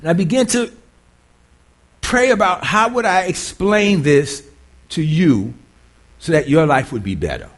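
High, animated male preacher questioning listeners. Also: unhurried, pauses often. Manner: conversational, quizzes the congregation, repeats himself. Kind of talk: sermon.

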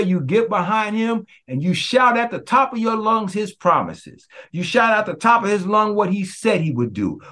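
A man, a pastor preaching a sermon, who prays in a hushed voice and then preaches with passion, often calling out to his congregation. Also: high-pitched. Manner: impassioned preaching that turns to the congregation; hushed, prayerful delivery.

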